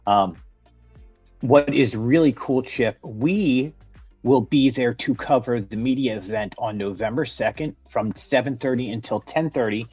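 A man's voice: medium pitch, unhurried, darkish tone, husky, no echo. Casual male podcast co-host, reads news with fillers and stumbles, dry lo-fi sound, faint music behind. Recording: dry, dull lo-fi podcast audio.

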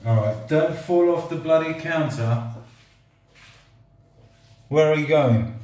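A middle-aged man with a slightly high voice talks slowly in a roomy space while filming a casual product review vlog indoors at a table or counter. He's relaxed and joking, and speaks to the robot as if it were a pet.

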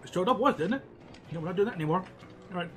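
A man co-hosting a casual game playthrough, joking, laughing often and breaking into excited exclamations. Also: sits high, very fast, faint music behind. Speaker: let's play co-host. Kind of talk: casual gameplay chat.

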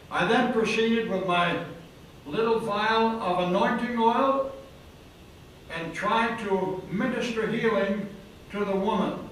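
A male preacher tells a dramatic story at a slow, deliberate pace. His voice sits fairly high for a man. The sound is recorded from across a very echoey hotel hall, with faint noise behind it. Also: fairly bright tone, recorded from a distance.

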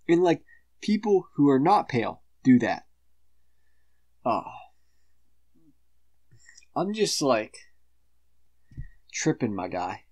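A man delivers a rambling, profane rant, blunt and defensive. His voice sits at an ordinary middle pitch. It is recorded dry and close, with no room tone. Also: very animated, takes it slowly, pauses often, darkish tone, dry recording. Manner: swears constantly. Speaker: vlogger.

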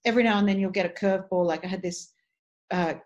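A woman's voice: medium pitch, fast talker, a little mellow, highs cut off. A middle-aged woman with an Australian accent, a voice and dialect coach talking casually and articulately in an interview, restarting phrases as she thinks aloud.

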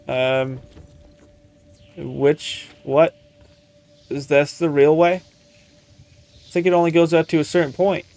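A man streaming a video game, chatting casually and exclaiming at what happens, in a playful put-on country accent. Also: fairly high pitch. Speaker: gaming streamer. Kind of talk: casual let's-play commentary.

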